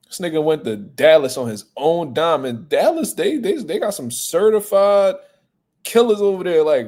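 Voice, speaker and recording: A man hosting a boxing talk show, chatting casually in a blunt, profane, animated way. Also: a little high. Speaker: boxing podcast host. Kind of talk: casual chat.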